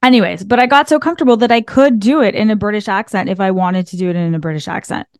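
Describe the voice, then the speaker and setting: A woman's voice: medium pitch, fast, dry recording. Chatty woman podcaster, dry close sound. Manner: chatty, laughs often, filler "like". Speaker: podcast host. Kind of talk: casual motivational monologue. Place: small room behind a desk. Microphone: desk microphone.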